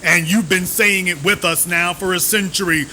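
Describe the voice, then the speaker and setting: A man's voice: high-pitched, fairly even intonation, normal speed, pushed and bright, a little hiss or hum, poor audio. A man hosting a live stream, giving emphatic commentary, with sarcastic, repeated rhetorical questions.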